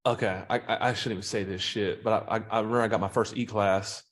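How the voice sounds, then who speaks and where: A man talking as a podcast guest and sales trainer, telling profane, animated stories in a casual interview. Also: lowish voice, quick pace.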